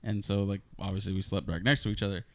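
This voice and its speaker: A man's voice: fairly low pitch, level tone, fast talker. A young man co-hosting a podcast, chatting casually and telling stories full of swearing and acted-out quotes. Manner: loose storytelling, swearing, acting out quotes. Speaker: podcast co-host. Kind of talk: casual chat.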